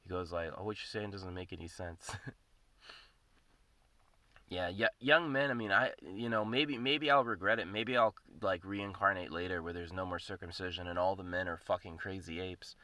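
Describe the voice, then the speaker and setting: Profane rambling man with a bright voice. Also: low voice, moderate pace, no room sound. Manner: profane, rambling, repeats himself. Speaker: podcast host. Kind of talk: casual ranting monologue.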